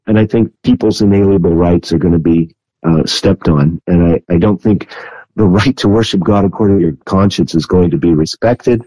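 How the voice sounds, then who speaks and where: A man with a lowish, mellow voice explains his views in a measured, earnest way, pausing often to find his words. The sound is close and dry. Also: dry recording, poor audio. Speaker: guest. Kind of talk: interview answer on biblical prophecy.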